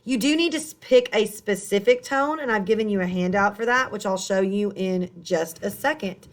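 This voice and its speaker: A woman teaching a recorded high school English lesson into her computer mic. She explains at an everyday pitch, stopping to reword and check in with her students. The tone stays plain and instructional. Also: normal speed. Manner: explanatory, rephrases as she goes.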